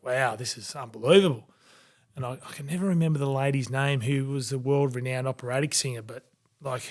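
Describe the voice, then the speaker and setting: An Australian man in his forties tells his stories as a podcast guest, his voice at an ordinary middle pitch. He acts out the people he quotes along the way. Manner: animated anecdotes, acting out quoted voices. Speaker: guest, former rugby league player. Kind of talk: storytelling in a podcast interview.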